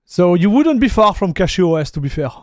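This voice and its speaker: A laid-back tech streamer from France talks to his live-stream chat in a high, light voice with a French accent, a little fast. Relaxed and easygoing, he calls everyone "dude" and reads messages aloud. The sound is dry and close, with no room echo.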